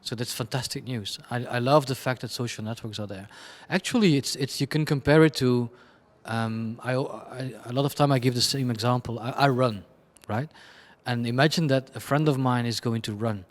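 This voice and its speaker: A man's voice: medium pitch, moderate pace, hardly any pauses. Blunt, rambling man in an interview. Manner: chaotic, rambling, frequent restarts and laughs; blunt and self-deprecating. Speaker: creative director being interviewed. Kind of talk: candid conversational interview answers.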